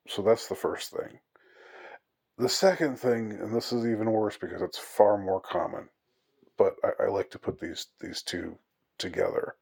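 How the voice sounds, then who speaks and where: A man's voice: fairly low pitch, a little mellow, husky. A man giving a rambling, mock-outraged monologue with many fillers and restarts. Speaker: commentator on English usage. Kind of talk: casual monologue.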